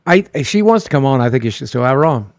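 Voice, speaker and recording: A man co-hosting a live stream, talking casually and swearing in a relaxed, stunned way. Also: medium pitch, fast talker, dry recording. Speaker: co-host.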